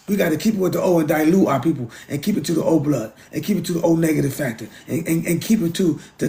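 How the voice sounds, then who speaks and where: A man's voice: fairly high pitch, gravelly, darkish tone. A middle-aged man from the United States, ranting in a casual monologue, emphatic, preachy and repetitive, with frequent profanity. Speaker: vlogger.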